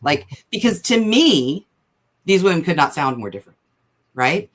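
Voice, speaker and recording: Picture a woman with a fairly low voice who is a guest writer on a casual podcast. She talks in quick, animated bursts and works through her thoughts out loud, filling the gaps with little words as she goes. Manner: quick, animated, thinks aloud with many fillers.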